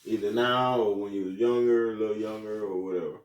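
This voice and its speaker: A man's voice: lowish voice, far from the mic. A man at a family mukbang at home, joking and chatting over dinner. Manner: joking, lively, drawn-out teasing. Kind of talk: casual family chat while eating. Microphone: phone set at a distance. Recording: echoey room, phone mic away from him, faint noise.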